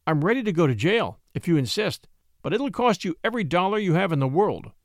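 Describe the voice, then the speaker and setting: A man's voice: sits high, sing-song, brisk, dry recording, clean studio sound. Man doing a cool, cunning young attorney. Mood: indignant. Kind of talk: audiobook character voice.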